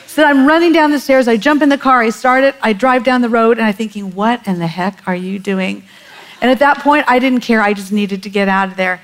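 A middle-aged woman telling a parenting story in casual chat, animated and laughing often as she acts out quotes. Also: fairly high pitch, fast talker, few pauses, rough recording.

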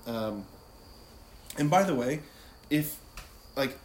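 Slow-paced and animated, with a mid-range, slightly mellow voice, a man speaking as a priest teaches casually about prayer. Frequent "like" and "right?" asides mark his conversational style, heard in an echoey room with faint background noise.

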